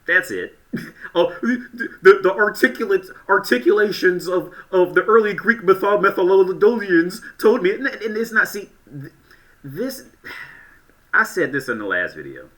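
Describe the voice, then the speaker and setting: A man's voice: high voice, very animated, measured pace, fairly bright tone. A man giving casual reaction commentary in a blunt, crude way, often stammering and restarting his sentences.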